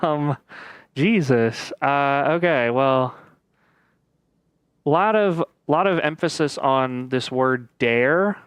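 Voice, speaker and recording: Slow, clear-voiced man narrating gameplay. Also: medium pitch, no echo. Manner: thinks aloud with frequent pauses and fillers. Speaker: gaming video creator. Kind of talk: casual let's-play commentary.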